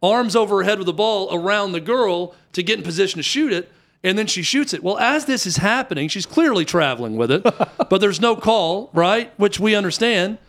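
High-voiced man telling a lively story. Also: brisk. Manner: animated, acts out quotes with rising pitch. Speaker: youth basketball coach telling a story. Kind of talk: casual storytelling chat.

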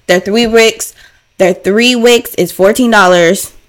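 A woman hosts her own podcast in a loose, chatty way. She sounds playful and animated, repeating phrases for effect, and her voice sits at an ordinary middle pitch. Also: slow pace. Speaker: podcast host. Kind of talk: casual solo podcast chat.

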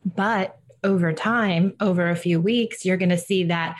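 Middle-aged woman giving parenting advice, lowish voice, calm steady coaching tone. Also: a little slow. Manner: warm reassuring coaching, acts out gentle phrases to a child. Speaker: parenting coach and podcast host. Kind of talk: casual advice chat.

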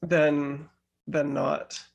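Teasing male co-host, slightly high voice, playful chat. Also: flat delivery, creaky, lo-fi sound. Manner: playful, teasing, quick to laugh. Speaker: podcast co-host. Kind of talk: casual chat.

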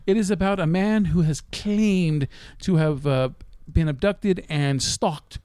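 A man's voice: a little high, slow, dark tone, clean tone, dry recording. Rambling podcast guy, close and dry. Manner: rambling, swearing, laughing often. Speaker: podcast co-host. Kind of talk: casual chat.

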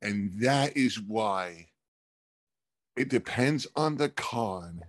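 Low-voiced man explaining conventions. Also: lively intonation, drawn-out words, dry recording, clean studio sound. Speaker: podcast co-host. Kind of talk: casual discussion.

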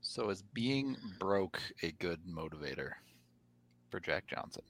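A man's voice: sits low, sing-song, a little slow, fairly bright tone. A man hosting a sports podcast in casual chat, laid-back and wry, steering the conversation. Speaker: podcast host.

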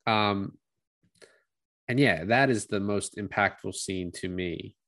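A man chatting loosely on a film podcast, summing up scenes. His talk is relaxed and filled with "like" and quick quoted asides. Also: lowish voice. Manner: casual storytelling with frequent "like" and quoted asides. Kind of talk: casual film discussion.

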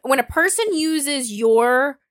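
A young woman talks in a casual chat, blunt and animated, swearing without a second thought. Her voice sits a little high and jumps up when she makes a point. The sound is close and dry. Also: slow, dry recording.

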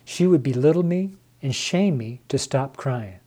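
A man's voice: mid-range voice, lively intonation, measured pace, dark tone. A man preaching an earnest devotional sermon to his viewers, emotional and close to tears, calling them his friends. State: tearful, voice near crying.

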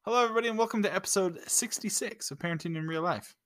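A man's voice: high voice, racing, fairly bright tone. A man in his thirties co-hosting a parenting podcast, chatting casually and teasing with jokes. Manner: joking, teasing, playful. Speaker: podcast co-host. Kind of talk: casual chat.

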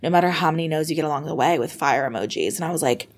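A young American woman, a podcast guest, telling her story in a lively conversational way, full of "like" and acted-out moments. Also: low voice, very fast. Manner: animated, reenacts moments with fillers like "like".

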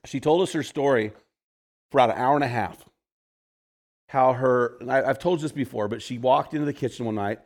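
A man's voice: mid-range voice, fairly quick, pauses often. A man in his fifties, a pastor telling a story in a conversational sermon to a men's group, repeating phrases for emphasis.

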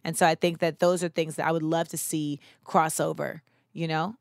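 A woman's voice: deep voice, little pitch movement, normal speed, vocal fry, no echo, clean studio sound. A woman hosting a podcast, talking through her thoughts in an earnest, reflective way with frequent "you know"s. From United States, of West Indian parents. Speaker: podcast host. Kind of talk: reflective casual monologue.

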